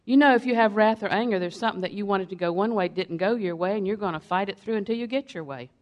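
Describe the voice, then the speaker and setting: A woman's voice: medium pitch, quick pace, muffled recording. An older woman preaching a sermon, emphatic and repetitive, telling stories to make her points.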